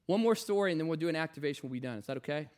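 Impassioned high-voiced male preacher. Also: animated, rapid-fire. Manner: impassioned, repetitive, swings from loud to hushed. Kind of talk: sermon storytelling.

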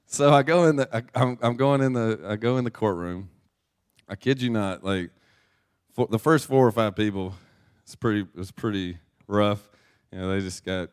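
Male pastor, low voice, conversational sermon with storytelling and lots of restarts. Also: fairly even intonation, fairly quick, smooth. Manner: chatty, self-deprecating storyteller with restarts. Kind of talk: casual sermon with personal story.

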